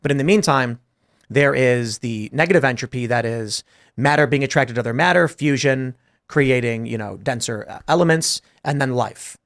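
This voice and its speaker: A man's voice: medium pitch, normal speed, fairly bright tone. A man hosting a casual panel talk show, telling a story and acting out both sides of a conversation. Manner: thinking aloud through abstract ideas. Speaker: podcast host.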